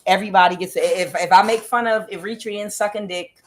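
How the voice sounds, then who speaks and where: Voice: mid-range voice, steady tone, fairly quick, very noisy. A tarot card reader giving a casual, rambling reading, with many fillers and blunt asides.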